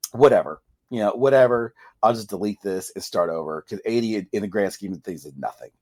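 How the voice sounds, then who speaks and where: A man's voice: lowish voice, a little fast, a little mellow. Exasperated man ranting in casual chat. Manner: exasperated ranting, voice jumping up when frustrated; swears freely, self-interrupting. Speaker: podcast co-host.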